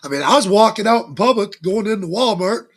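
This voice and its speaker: A man with a husky, slightly rough voice speaks as a talk-show guest. His pitch swings a lot as he tells stories in a folksy, emphatic way, with frequent religious turns of phrase. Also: lively intonation, fairly quick. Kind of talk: casual talk-show interview.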